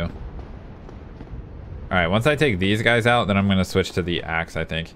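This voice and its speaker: A man's voice: sits low, moderate pace, long pauses, background noise. A man commentating his own gameplay live, venting frustration and talking to his chat. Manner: frustrated, talks to himself and chat while playing. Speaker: gaming streamer. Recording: music playing behind.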